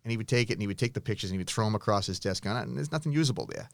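A middle-aged man, a photographer and teacher, answering interview questions with animated anecdotes, acting out voices and restarting often. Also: fairly low pitch, very fast, dry recording, studio quality. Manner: many restarts and fillers.

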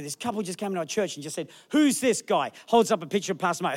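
On the high side and racing along with hardly any pauses, a middle-aged pastor gives a sermon. He tells jokey stories animatedly, adopting different voices for those he quotes.

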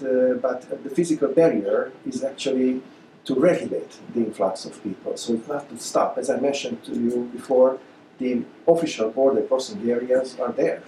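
Man, mellow, echoey hall. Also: medium pitch, slight background noise. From Hungary. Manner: halting, many uh fillers and restarts. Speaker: guest speaker. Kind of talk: lecture Q&A answers. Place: lecture hall. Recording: echoey lecture room.

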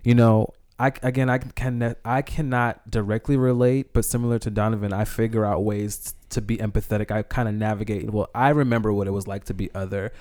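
A man's voice: lowish voice, fairly even intonation, a little fast, few pauses, a little mellow. A man in a casual podcast discussion, speaking thoughtfully and hesitantly, often restarting his sentences. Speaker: guest.

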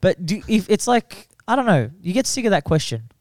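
A man's voice: high-pitched, big pitch swings, fairly quick, dry recording. A man with a broad Australian accent hosting a casual podcast, blunt and teasing, laughing a lot.

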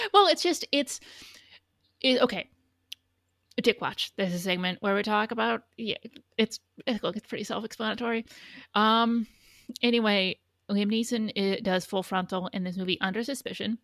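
A woman co-hosting a podcast, talking in a loose, rambling way with lots of restarts and casual swearing. Her voice has a gravelly edge. The recording is dry and close. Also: medium pitch, normal speed, fairly bright tone, no room sound. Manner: rambling, profane, frequent restarts. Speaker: podcast co-host. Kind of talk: casual chat.

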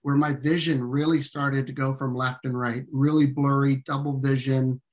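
A man telling a personal story in conversation as an interview guest, earnest and halting, with frequent fillers and restarts. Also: medium pitch, little pitch movement, darkish tone, lo-fi sound.

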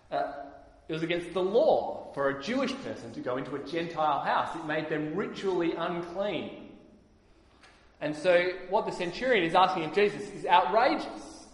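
A man preaching a sermon, explaining things earnestly with frequent pauses on "uh". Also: a little high, lively intonation. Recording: echoey hall reverb.

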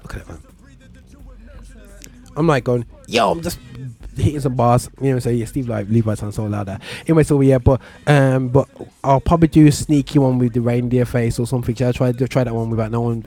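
A man's voice: medium pitch, steady tone, fast, warm tone, faint music behind. A man with a London accent hosting a talk show, chatting casually in slang and often stumbling over his words. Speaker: radio show host. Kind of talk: casual chat.

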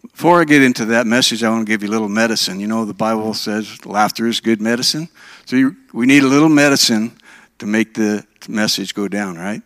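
A man's voice: lowish voice, fairly quick, a bit bright, no room sound. A man in his sixties from Minnesota, preaching a sermon in a conversational way and asking his congregation questions. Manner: conversational, asks the audience questions. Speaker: pastor.

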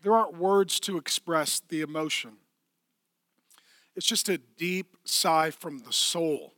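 Male pastor, sermon delivery, high and bright, dry close sound, emphatic with soft hushed passages. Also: takes it slowly, no room sound. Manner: emphatic preaching, drops to soft sighing hush.

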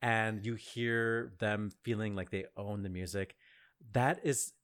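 A man's voice: fairly low pitch, steady tone, slow pace, a bit bright, smooth. A man co-hosting a podcast, chatting casually about opera with many fillers and easy laughs. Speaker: podcast co-host.

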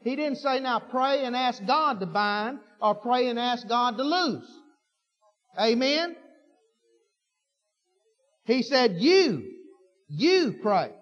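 A man preaching a sermon, folksy and fervent, repeating himself and building to shouts. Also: very high-pitched, slow pace, pauses often. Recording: dull lo-fi recording with long hall reverb.

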